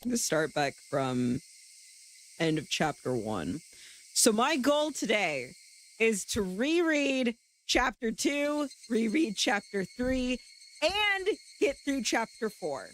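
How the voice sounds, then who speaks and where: Animated, lively-pitched woman streamer. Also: slow pace, a little hiss or hum. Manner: animated, laughs often, swears freely. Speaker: streamer reading a visual novel aloud. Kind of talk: casual live-stream chat and reading.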